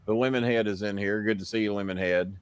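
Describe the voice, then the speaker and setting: A man hosting a live show, telling a story in a casual, profane way and getting loud when he quotes himself. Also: on the low side, fast, smooth, dry recording. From United States. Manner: profane, animated, shouts when quoting himself. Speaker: host.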